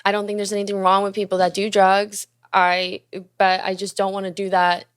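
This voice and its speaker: A woman's voice: mid-range voice, a little fast, clean tone, no room sound, clean studio sound. A young woman hosting a podcast, telling a story casually, swearing often and acting out what people said. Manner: profane, animated, acts out quoted dialogue. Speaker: podcast host and musician.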